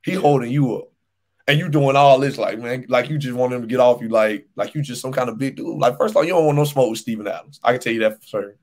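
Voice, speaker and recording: A man's voice: mid-range voice, quick pace. Young man ranting about basketball. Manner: animated, emphatic ranting with repeated phrases. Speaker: podcast co-host. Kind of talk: casual sports chat.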